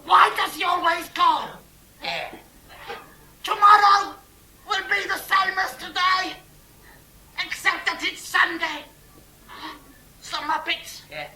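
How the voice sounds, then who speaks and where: A shrill, bright, weary absurdist old man, as a man puts him on in a live stage sketch, drawing out and shouting every line. His voice is very high and slow, caught on an echoey club tape. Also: fairly even intonation, a little hiss or hum, heavily acted. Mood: declamatory. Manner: slow, declamatory, shouted lines. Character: weary absurdist old men waiting for time.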